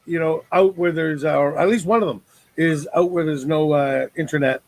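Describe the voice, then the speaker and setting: Guy hosting a chatty web show, kinda high voice, dry sound, lots of ums and jokes. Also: normal speed, creaky, no echo, poor audio. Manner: rambling, joking, many fillers. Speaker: talk show host. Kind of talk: casual online talk show chat. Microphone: video call.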